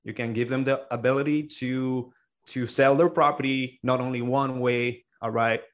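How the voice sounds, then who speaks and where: A man appears as a podcast guest, an agency owner, explaining things in an earnest, casual interview. His voice is mid-range with fairly even intonation and a moderate pace, and he uses many fillers and restarts.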